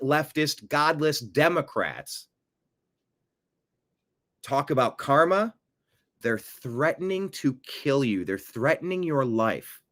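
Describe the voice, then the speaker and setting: A man's voice: animated, slow, pauses often. Profane ranting man. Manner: profane, repetitive, swings from low mutter to shouting. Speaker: political commentary host. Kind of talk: angry political rant.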